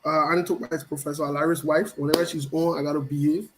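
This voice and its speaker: A man, his voice sitting high for a man, hosts a loose live show and greets his viewers one by one. He teases them playfully and circles back over his own phrases. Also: little pitch movement, fast talker, a bit bright, slight background noise, poor audio. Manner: playful, teasing, repeats phrases. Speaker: show host. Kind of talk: casual live-stream chat greeting viewers.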